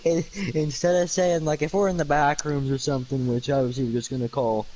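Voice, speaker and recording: A man's voice: fairly high pitch, little pitch movement, brisk, dark tone, a little hiss or hum, low-quality recording. A tired man streaming late at night, rambling through goofy wordplay with lots of ums and uhs. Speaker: livestreamer.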